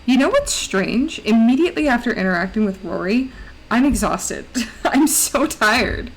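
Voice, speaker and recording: A woman's voice: a little high, animated, moderate pace, gravelly, rough recording. Giggly woman baby-talking to her dog. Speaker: streamer. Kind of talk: casual chat.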